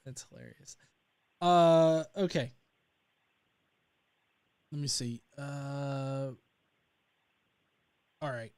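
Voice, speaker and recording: A man's voice: a little high, darkish tone, clean tone. A young man from North Alabama hosting a casual livestream, rambling with many fillers and restarts. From North Alabama, USA. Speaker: livestream host.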